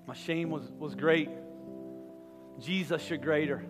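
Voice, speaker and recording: A man's voice: fairly high pitch, slow pace, long pauses. A man preaching a sermon as pastor, leading the congregation in prayer with impassioned, rising intensity. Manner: impassioned preacher, rising to loud fervent peaks. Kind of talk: sermon with altar call prayer. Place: large church auditorium. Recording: long hall reverb with soft guitar behind.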